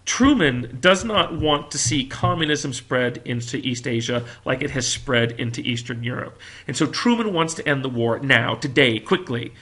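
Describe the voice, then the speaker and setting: Bright-voiced American man lecturing history. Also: mid-range voice, normal speed, hardly any pauses, slightly rough. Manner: animated storytelling, acts out quotes. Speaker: history teacher.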